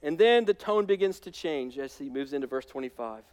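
A man preaching a sermon as pastor, animated, swinging between loud emphatic peaks and hushed asides. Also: mid-range voice, brisk, big-room sound.

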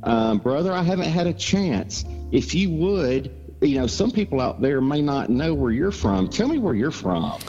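A Southern man from Georgia chats in a folksy, joking way as a guest sharing his testimony, sprinkling in plenty of fillers. His voice sits a little high with big pitch swings and a dark tone, moving at a moderate pace with hardly any pauses. The recording is dull and lo-fi with long reverb and faint music in the background.

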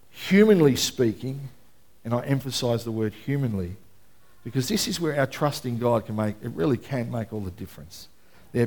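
A man's voice: mid-range voice, darkish tone. A man pastor giving a sermon in a conversational style, often checking in with the congregation. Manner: conversational preaching, checks in with listeners.

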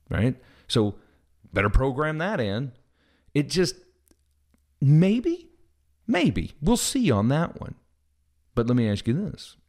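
A man from the Midwest with a Southern US accent, a podcast host talking through ideas in a casual monologue, animated and full of restarts. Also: medium pitch. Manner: animated, thinks aloud with many restarts.

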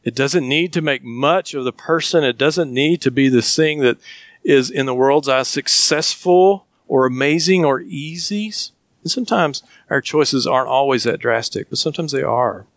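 A man's voice: mid-range voice, normal speed, dry recording, studio quality. A man with a Southern US accent preaching a sermon as a pastor, earnest and emphatic, often asking questions.

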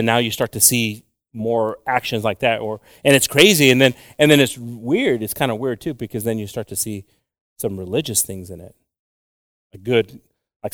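A man's voice: mid-range voice, a bit bright, no echo. Guy preaching a sermon, loose and chatty, laughs a bit, dry sound. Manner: casual, rambling preaching with chuckles and restarts. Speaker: pastor.

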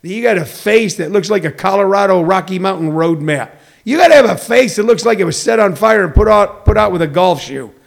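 Gravelly man ranting with comic bluntness. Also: sits high, animated, brisk. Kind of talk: comedic rant.

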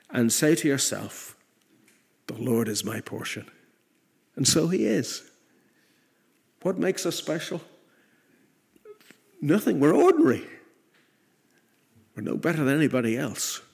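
A man preaching a sermon in an earnest way, rising to emphatic peaks and then dropping soft. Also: medium pitch, vocal fry, slightly rough.

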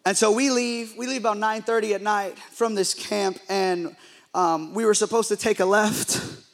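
Very high-voiced young man telling a funny story. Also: normal speed. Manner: animated, self-deprecating, joking with the crowd. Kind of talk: humorous storytelling sermon.

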